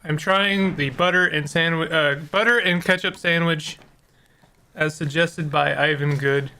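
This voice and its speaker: A man's voice: fairly high pitch, steady tone, measured pace, pushed and bright. A man giving casual, rambling commentary while playing a video game, joking at his own expense. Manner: rambling, self-mocking jokes, laughs often.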